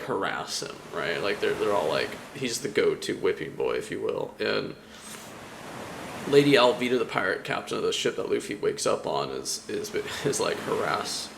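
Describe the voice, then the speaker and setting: A man's voice: lowish voice, gravelly, fairly bright tone, slight background noise. A young man chatting casually about a comic, rambling with lots of fillers and frequent laughter. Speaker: anime vlogger. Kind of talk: casual chat.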